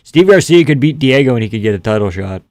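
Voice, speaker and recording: A man's voice: mid-range voice, lively intonation, fast talker, a little mellow, no room sound. A man hosting a casual livestream, rambling, swearing and reading viewer comments aloud. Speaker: livestream host.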